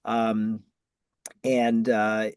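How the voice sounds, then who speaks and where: A middle-aged man from Massachusetts with a Boston accent, answering interview questions in a measured way with frequent ums and restarts. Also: fairly low pitch, monotone, darkish tone, clear, resonant tone, dry recording. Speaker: guest, ad agency founder.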